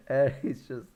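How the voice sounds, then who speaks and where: Man, online film reviewer, casual spoiler recap, slow delivery, frequent chuckles, rambling. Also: medium pitch, creaky, dark tone, breathy edge. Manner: chuckles often while retelling scenes; rambling, loose retelling with restarts.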